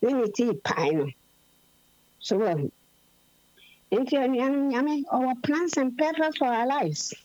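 A woman preaching a sermon in an unhurried, explanatory way, switching freely between languages. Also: sits high, animated, a little mellow, dry recording. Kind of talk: sermon mixing Twi and English. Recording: dull lo-fi recording.

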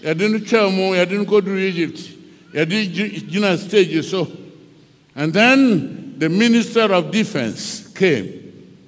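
A Ghanaian-accented man preaches with dramatic storytelling, calling on his congregation to follow him closely. His delivery is slow and his pitch moves animatedly. His voice echoes through a reverberant church hall. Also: lively intonation. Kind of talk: sermon mixing Twi and English.

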